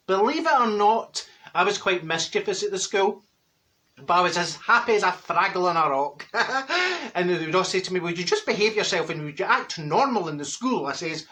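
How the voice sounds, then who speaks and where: A straight-talking older Glaswegian woman, played by a man, her voice pitched high and bright with a sharp edge. She rambles through gossip in a Glaswegian Scottish accent, blunt and mischievous, tripping over her words. A comic storytelling monologue. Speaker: comic character.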